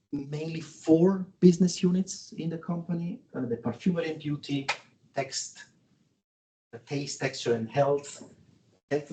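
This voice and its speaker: Male webinar presenter, mid-pitched, halting delivery with fillers and restarts, talking over a video call. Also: warm tone, rough recording. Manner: halting, with frequent filler sounds and self-corrections. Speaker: guest presenter at an industry webinar. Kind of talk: business slide presentation.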